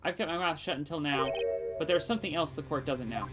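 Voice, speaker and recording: A woman's voice: low-pitched, fast, close to an everyday voice. A woman voicing a cranky, boastful old man witness who grumbles and pities himself, reading game dialogue. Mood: grumbling. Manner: grumbling, self-pitying. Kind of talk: game dialogue read aloud. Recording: game music playing behind.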